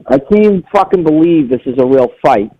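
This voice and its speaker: A man's voice: fairly high pitch, animated, fairly quick. A man calling in to a podcast, blunt and swearing a lot as he argues. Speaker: caller. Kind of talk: call-in phone chat. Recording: muffled phone line.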